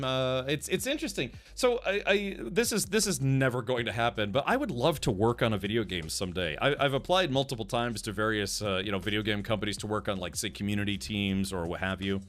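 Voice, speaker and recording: A man's voice: mid-range voice, a bit bright. A man streaming a video game live, chatting casually, rambling and restarting sentences and answering chat as he plays.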